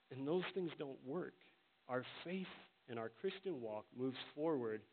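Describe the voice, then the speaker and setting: Earnest pastor preaching, tinny sound. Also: male voice, mid-range voice. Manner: earnest, emphatic preaching with slowed, stressed quotes. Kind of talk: sermon. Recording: tinny phone-like sound with faint hiss.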